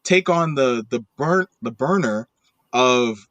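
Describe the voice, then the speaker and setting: A man's voice: medium pitch, lively intonation, slow, a bit bright, dry recording. A man co-hosting a casual podcast, arguing his points emphatically and often checking with "right?". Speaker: podcast co-host.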